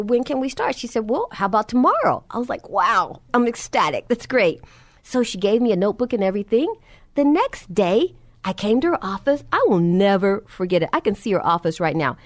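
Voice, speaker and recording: Woman preacher, higher voice with a wide swinging pitch, tells testimony and plays every part of the dialogue. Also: expressive, a little fast, no echo. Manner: storytelling, acts out both sides of dialogue, drops soft and low for reverent moments. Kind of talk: sermon with personal testimony.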